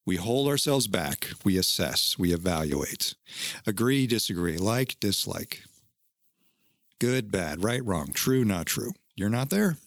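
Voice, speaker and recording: A man's voice: lowish voice, expressive, a little slow, no echo, clean studio sound. A man hosting a casual podcast chat, talking in an earnest, teacherly way and swearing now and then. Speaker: podcast host.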